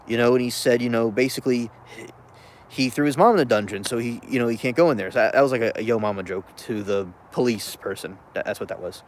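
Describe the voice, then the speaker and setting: A man at an ordinary middle pitch, talking loosely as a vlogger. He rambles, restarts his sentences and drops chuckling asides as he rants about a film. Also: fast, slight background noise. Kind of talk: casual rambling rant.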